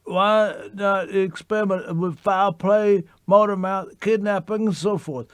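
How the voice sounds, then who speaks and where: Sleazy lawyer on the phone, a guy doing it, high voice, rambles a word-salad pitch, dry sound. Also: steady tone, unhurried, clear, resonant tone, no room sound. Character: fast-talking sleazy male lawyer on the phone. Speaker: caller.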